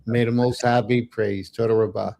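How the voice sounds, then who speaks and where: A man hosting a religious livestream, animated and folksy, giving blessings and chatting with his viewers. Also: medium pitch, normal speed, vocal fry. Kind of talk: casual livestream chat.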